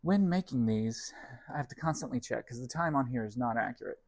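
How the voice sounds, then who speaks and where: A man's voice: medium pitch, expressive, a little fast, a little mellow, slight background noise. A young man rambling casually to the camera and his cats while baking in his home kitchen, self-deprecating and wry. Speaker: vlog host. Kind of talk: casual cooking vlog chat.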